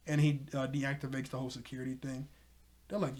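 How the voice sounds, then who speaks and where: A man casually recapping a cartoon episode in an excited, rambling way, full of fillers. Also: mid-range voice, brisk, a little hiss or hum. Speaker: TV episode reviewer.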